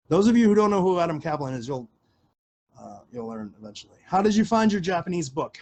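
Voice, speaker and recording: A man's voice: mid-range voice, sing-song, a little fast, a little mellow, slight background noise. A man hosting a casual livestream Q&A, rambling with lots of fillers and offhand swearing. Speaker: livestream host answering questions.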